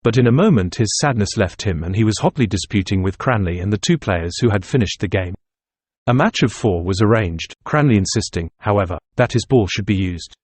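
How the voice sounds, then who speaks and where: A man narrating an audiobook in a measured, literary reading style. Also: lowish voice, expressive, a little mellow, breathy edge, no echo. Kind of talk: scripted narration.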